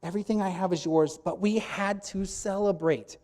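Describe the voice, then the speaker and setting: A man preaching a sermon, teaching emphatically and acting out quoted lines with sudden loud bursts. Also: high voice, steady tone, moderate pace.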